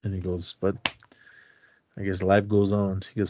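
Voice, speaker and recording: A man with a slightly low voice walks through a film's story in a loose, rambling podcast chat, acting out each line with "he goes." The sound is dry and a bit dull and lo-fi, with no room around it. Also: little pitch movement, brisk, a little mellow, no echo. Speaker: podcast co-host. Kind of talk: casual film recap.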